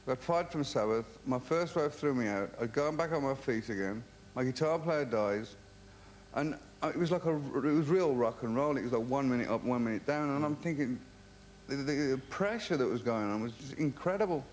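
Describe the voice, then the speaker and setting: A man's voice: mid-range voice, moderate pace, darkish tone, slight background noise. A man from England, a rock singer as a TV interview guest, telling rambling comic anecdotes full of stammered restarts.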